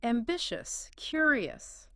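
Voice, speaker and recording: A woman's voice: fairly high pitch, very animated, takes it slowly, bright, forceful tone, no echo, studio quality. A woman appearing as the expert guest on a podcast, chatting casually and eagerly chiming in with short reactions.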